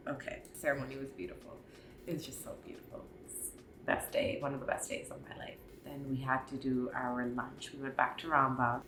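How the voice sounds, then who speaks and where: A young woman tells a storytime recap in a chatty, gushing, emotional way. Her voice sits low for a woman yet sounds bright and forceful. The room around her is echoey, with a faint hum of ambience. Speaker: vlogger.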